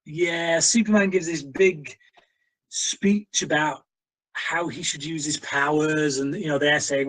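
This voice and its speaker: A man talks through a film review at an unhurried pace. He is blunt and exasperated, filling gaps with "um" and restarts as he picks the film apart. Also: on the high side, fairly even intonation, fairly bright tone, poor audio. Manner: blunt, exasperated critic with many fillers. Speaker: co-host of a film review show. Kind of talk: casual film review chat.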